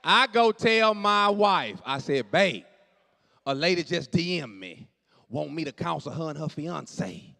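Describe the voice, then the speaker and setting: A man doing stand-up comedy in a church, telling stories with animated delivery, acting out dialogue and shouting punchlines to a live audience. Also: a little high, measured pace, vocal fry.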